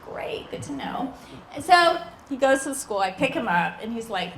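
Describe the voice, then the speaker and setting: A woman comedian doing a stand-up set at a backyard show, telling an animated story with quoted voices over audience laughter. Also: sits high, normal speed. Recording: roomy, noisy live recording.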